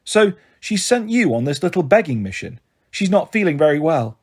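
Guy doing a dry suspicious neighbour, bit teasing, husky voice. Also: on the high side, big pitch swings, moderate pace, full character voice. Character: wary, teasing young man neighbour.

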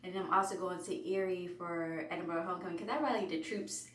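Woman vlogger, rambling and chatty, lowish voice, faint hiss behind her. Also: fast, far from the mic. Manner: chatty, rambling, animated storytelling. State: out of breath. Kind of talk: casual vlog chat. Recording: echoey room, voice off-mic, faint hiss.

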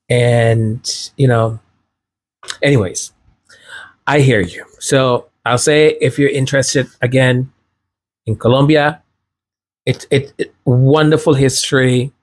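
A man's voice: medium pitch, a little mellow. Chatty man hosting a podcast. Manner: chatty, laughs easily, repeats words. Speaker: podcast host reading viewer comments. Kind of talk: casual livestream chat.

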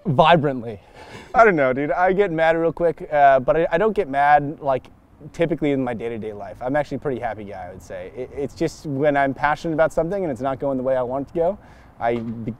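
Excitable, cursing man on a lapel mic. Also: fairly high pitch. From Chicago, USA. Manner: excitable and profane, loud bursts, frequent laughs. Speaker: scooter rider interviewed on a filming day. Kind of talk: casual chat while filming. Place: outdoors on city streets.

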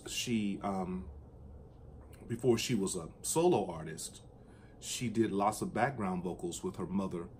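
Enthusiastic man chatting about records. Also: a little hiss or hum. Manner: enthusiastic, breaks into high falsetto singing along. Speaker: vinyl collector vlogger. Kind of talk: casual chat.

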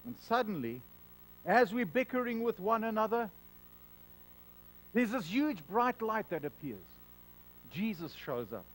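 A man preaching a sermon as pastor, earnest, stumbling over repeated words as he stresses a point, and dropping to a soft hush on solemn lines. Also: sits high, big pitch swings, unhurried, pauses often, rough recording.

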